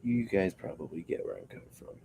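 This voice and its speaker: A man's voice: deep voice, wildly swooping pitch, brisk, creaky, dark tone, a little hiss or hum, rough recording. A man hosting a stream, chatting casually and joking with viewers while he builds a puppet. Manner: rambling, joking, answering chat. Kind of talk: casual chat while crafting.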